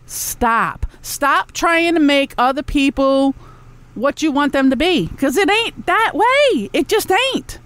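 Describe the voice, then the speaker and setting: A high-pitched woman rants on her own podcast, blunt and profane. She throws sarcastic asides to her listeners in the chat room. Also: expressive, slow pace, fairly bright tone, dry recording. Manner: talks back to a chat room. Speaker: podcast host. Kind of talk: ranting solo podcast talk.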